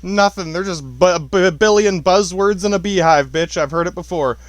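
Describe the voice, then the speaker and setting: A man's voice: high voice, moderate pace, slight background noise. A man hosting a casual solo podcast, rambling and swearing, laughing often and restarting his sentences. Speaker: podcast host.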